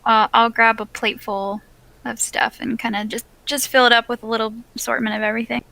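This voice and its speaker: A woman player in a tabletop game, stating her moves calmly and briefly. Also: a little high, fairly quick, creaky, no room sound, low-quality recording.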